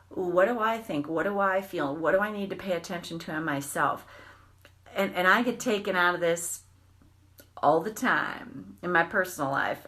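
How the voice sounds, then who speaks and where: A middle-aged woman hosting a live video on tapping, talking candidly and casually, restarting her sentences and swearing mildly as she goes. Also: on the low side. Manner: candid and animated, with frequent restarts and mild swearing. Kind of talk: casual live-stream talk.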